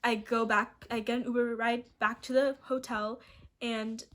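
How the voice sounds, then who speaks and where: A young woman in her late teens tells a long storytime for her vlog in a voice pitched a little high. She talks in a loose, rambling way, full of "like" and restarts, and laughs often as she goes. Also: level tone, measured pace. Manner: chatty and rambling, heavy use of "like", frequent restarts. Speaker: vlogger.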